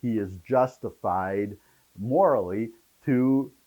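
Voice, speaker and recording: A man's voice: on the low side, slow pace, phone-quality sound. Male political commentator, solo rant, opinionated, rambling, digressive.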